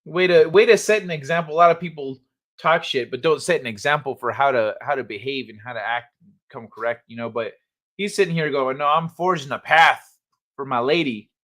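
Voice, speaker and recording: A man's voice: medium pitch, a little fast, fairly bright tone. A man hosting a casual late-night livestream, reading headlines aloud, swearing freely and laughing often. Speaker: livestream host.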